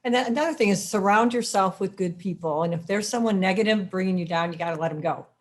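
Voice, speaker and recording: A woman's voice: mid-range voice, fast talker. A middle-aged woman on a business panel, speaking with emphatic, encouraging conviction about running her own business. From Chicago. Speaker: dog daycare owner, panelist. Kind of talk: panel discussion.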